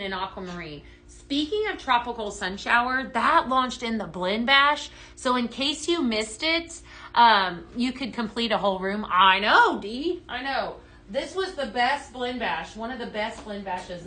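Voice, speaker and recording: A woman's voice: a little high, bright, forceful tone. A woman hosting a live sales demo who chats with viewers and reads out their comments. She talks with lots of enthusiasm and plenty of "um"s. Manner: enthusiastic with fillers and restarts. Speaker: host of a live home-fragrance sales show. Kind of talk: casual live-stream product demo.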